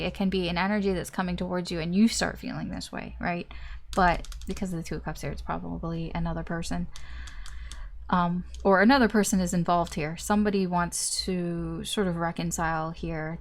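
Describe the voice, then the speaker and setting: A young woman doing a casual tarot reading, rambling and chatty with lots of fillers, acting out the feelings of the people she describes. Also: medium pitch. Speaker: tarot reader.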